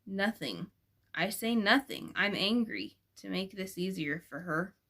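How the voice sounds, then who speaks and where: A woman reads a first-person novel aloud at an even middle pitch. She sounds gentle and expressive, and she changes her voice for each character in the dialogue. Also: unhurried, gravelly. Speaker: audiobook reader. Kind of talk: first-person audiobook narration.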